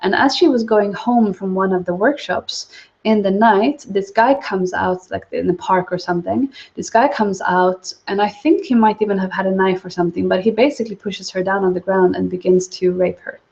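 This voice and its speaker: A woman giving a livestreamed spiritual teaching talk, soft-spoken and calm. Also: mid-range voice, brisk, creaky. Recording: dull lo-fi livestream audio.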